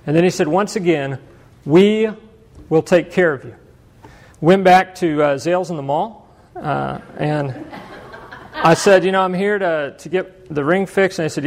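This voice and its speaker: High-voiced pastor telling a story. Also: male voice, measured pace, long pauses. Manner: conversational, self-deprecating, chuckles often. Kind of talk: sermon storytelling.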